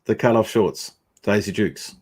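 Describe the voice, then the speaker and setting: A man's voice: lowish voice, unhurried, darkish tone, husky. A man, a guest in a casual live chat, making dry jokes. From Australia. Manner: dry, joking.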